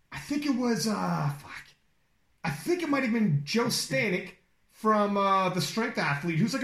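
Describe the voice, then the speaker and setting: A man hosting a podcast interview, talking fast and excitably with lots of swearing and animated storytelling. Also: sits high. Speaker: podcast host. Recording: echoey room.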